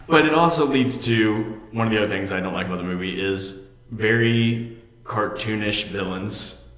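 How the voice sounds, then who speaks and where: A man's voice: fairly low pitch, normal speed, fairly bright tone. A man co-hosting a casual movie chat, picking apart a film with sarcastic, opinionated commentary. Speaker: podcast co-host. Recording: echoey room with long reverb.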